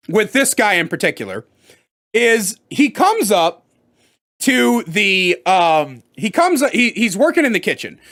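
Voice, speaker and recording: A storyteller recounting a workplace story in a storytime vlog, emphatic and profane. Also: medium pitch. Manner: animated, profane, emphatic retelling.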